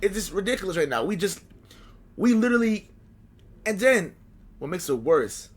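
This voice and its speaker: A man with a fairly high voice, chatting as a football fan on a podcast. He talks animatedly and with exasperation, circling back over the same points again and again. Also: normal speed. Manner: animated, exasperated, repeats himself. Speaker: sports podcast co-host. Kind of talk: casual fan chat.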